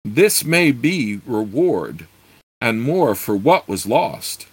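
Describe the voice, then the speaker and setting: A man's voice: medium pitch, sing-song, takes it slowly, breathy edge, dry recording, heavily acted. A man voicing an eager young male thief adventurer in archaic phrasing. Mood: reflective. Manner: eager, exclamatory archaic speech.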